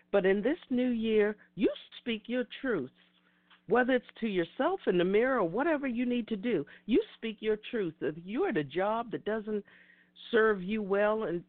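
Here a middle-aged host of an online talk show, medium in pitch, preaches motivation earnestly and emphatically, circling back to key phrases again and again. Everything is captured dry, with tinny, telephone-like sound.

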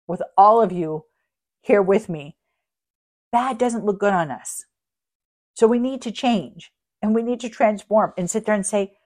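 A middle-aged woman hosting a spirituality podcast, telling a personal story in a lively, self-mocking way and laughing at herself. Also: fairly low pitch. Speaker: podcast host.

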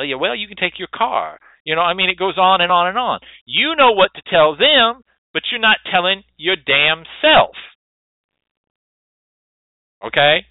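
A man's voice: on the high side, very animated, fairly quick, dry recording. A man hosting a show and lecturing bluntly, with swearing and preachy emphasis. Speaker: host and hoodoo teacher. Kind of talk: lecturing monologue. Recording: dry, tinny phone-like sound.

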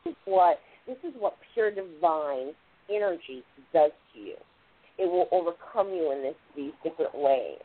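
A woman hosts a spiritual radio show and explains ideas in a casual, meandering way, often saying "like" and "literally". Her voice sits at a middle pitch. The sound is narrow and tinny, like a phone call. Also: slightly rough. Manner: rambling, repeats "like" and "literally".

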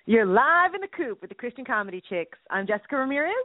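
A high-voiced woman chats and jokes on a radio show, her voice swinging all over. The sound is thin and phone-like, dry with no room around it. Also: fast, over loud music. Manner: animated, laughing, playful mimicry. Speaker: co-host. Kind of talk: casual radio chat.

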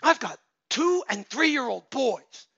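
High-voiced preacher man, bright and gravelly. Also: big pitch swings, takes it slowly, dry recording. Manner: exhorting, swings from loud shouts to low murmurs. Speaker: pastor. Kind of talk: sermon. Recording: dull lo-fi sound.

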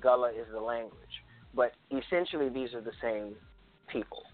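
A man's voice: mid-range voice, normal speed. Charleston-accented man explaining patiently. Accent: Charleston, South Carolina. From South Carolina. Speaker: guest. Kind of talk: explanatory conversation. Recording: tinny phone-like line.

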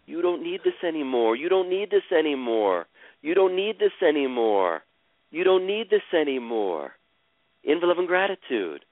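Chanting the same phrases again and again, a man with a fairly high, sing-song voice leads a caller through a slow, soothing healing session. He sounds tinny, as if on the phone, and the recording is dry with no echo.

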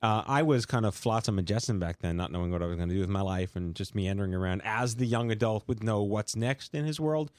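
A man with a New York accent hosting a casual talk show, rambling and joking through quick asides. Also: lowish voice, darkish tone, no room sound. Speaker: show host. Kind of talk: casual talk-radio banter.

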